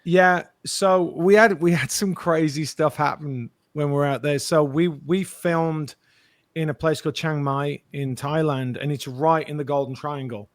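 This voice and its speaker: Animated man telling stories. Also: fairly high pitch, unhurried, no room sound. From Britain. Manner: animated storyteller, acts out quotes. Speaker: actor guest. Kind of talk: interview anecdote.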